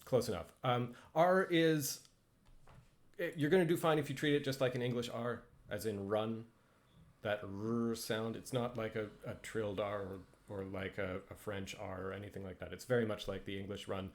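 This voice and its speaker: A man's voice: fairly low pitch, fairly even intonation, normal speed. A man casually teaching pronunciation over slides, hesitant and self-deprecating, with frequent ums and restarts. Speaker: language instructor.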